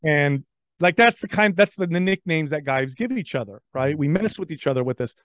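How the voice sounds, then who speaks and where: A podcast guest tells animated stories in casual conversation, often repeating words as he goes. His voice is a little high and fairly bright, with lively intonation and a brisk pace, captured in a dry, clean studio recording.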